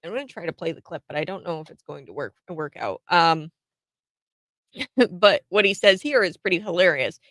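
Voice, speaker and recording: A woman hosts a talk radio show, riffing on the news in a chatty, opinionated way. Her voice sits a little low for a woman, and she laughs often and scatters fillers through her talk. The studio sound is dry and close. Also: expressive, moderate pace, a bit bright, no room sound.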